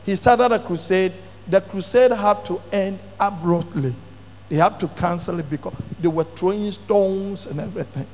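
A middle-aged male pastor, telling a testimony in a sermon with dramatic bursts of shouting. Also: high-pitched, moderate pace. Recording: long hall reverb.

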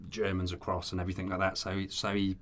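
A man with a very low voice chats casually about films as a podcast panelist. He talks with enthusiasm but stumbles and restarts often. A faint hiss sits under the recording. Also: completely flat delivery, quick pace, a bit bright. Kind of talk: casual film chat.

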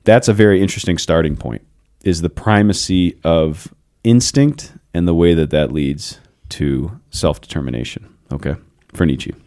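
A man in his thirties hosting a podcast, discussing philosophy in a casual, animated way and telling stories. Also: sits low, normal speed. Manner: storytelling, animated, laughs often. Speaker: podcast host.

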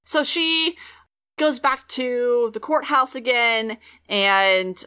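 A woman hosting a podcast, retelling TV episodes in an animated, casual way and swearing freely. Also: a little high, slow, smooth. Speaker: podcast host recapping a TV show. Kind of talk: casual chat.

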